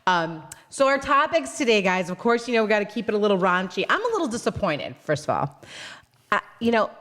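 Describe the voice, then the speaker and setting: A woman's voice: medium pitch, very animated, brisk, a bit bright. A young adult woman co-hosting a chat show, bold and brash, gushing over her guests and steering toward raunchy topics. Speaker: podcast co-host.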